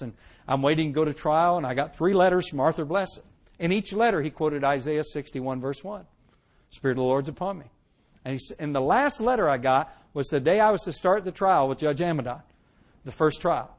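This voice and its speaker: High-pitched man, middle-aged, animated, dramatic personal testimony. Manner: animated, dramatic storytelling with laughs. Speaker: testimony speaker.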